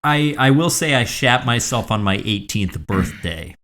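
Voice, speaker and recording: A man's voice: medium pitch, expressive, a little slow, fairly bright tone, slight background noise. A man co-hosting a comedy podcast, telling a long story in a rambling, casual way. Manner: rambling, filler-heavy storytelling. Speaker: podcast co-host.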